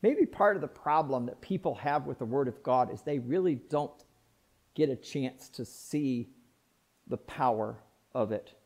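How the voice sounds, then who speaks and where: A male pastor preaching a sermon in an emphatic, repetitive way, with sudden swings from loud to soft. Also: medium pitch, lively intonation, a little slow.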